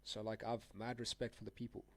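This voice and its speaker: A man's voice: fairly low pitch, monotone, a little fast, a bit bright. A young man chatting casually on a live trading stream, rambling and slangy with frequent laughs. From South Africa. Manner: laid-back, rambling, slangy, laughs often. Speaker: trading livestreamer.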